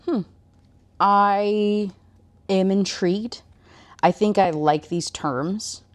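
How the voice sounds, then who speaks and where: A woman voicing a musing dark god. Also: on the high side, lively intonation, moderate pace, pitched above the performer's own voice. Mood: intrigued. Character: a mysterious dark male god making a bargain.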